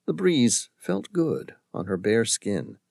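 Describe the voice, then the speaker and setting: A male audiobook narrator reading a thriller novel in a measured, dramatic storytelling manner. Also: medium pitch, sing-song, vocal fry, a little mellow, slightly rough, no room sound, clean studio sound. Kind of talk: scripted narration.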